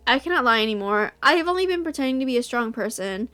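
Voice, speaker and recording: A woman's voice: fairly high pitch, expressive, fast, pushed and bright. A young woman reading a visual novel aloud, narrating as the heroine and gushing in reaction. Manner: squeals and gushes when reacting.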